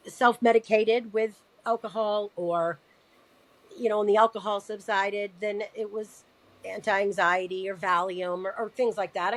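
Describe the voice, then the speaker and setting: A woman recounting a personal family story in a podcast interview, halting and repeating words as she talks, earnest and emotional. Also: medium pitch, dry recording, rough recording. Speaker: podcast guest.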